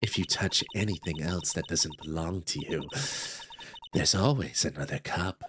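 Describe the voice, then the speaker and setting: A reader voicing a creepy, soft-spoken woman in a game playthrough who talks low and quietly with a sinister edge. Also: moderate pace, background noise, natural voice.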